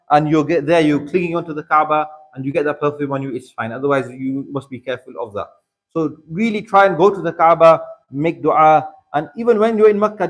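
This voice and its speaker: A man with a British English accent teaching a religious workshop in a mosque, earnestly urging his listeners and repeating points for emphasis. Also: on the high side. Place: mosque hall.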